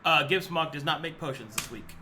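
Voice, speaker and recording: A man running a tabletop game, answering players with joking, deadpan asides. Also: a little high, a little fast, slight background noise. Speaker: game master. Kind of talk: casual tabletop game chat.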